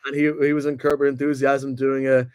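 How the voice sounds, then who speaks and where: A young man co-hosting a sports podcast, chatting excitedly and swearing freely. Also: mid-range voice, fairly quick, clear, resonant tone. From Ireland or UK. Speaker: podcast co-host. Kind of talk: casual chat.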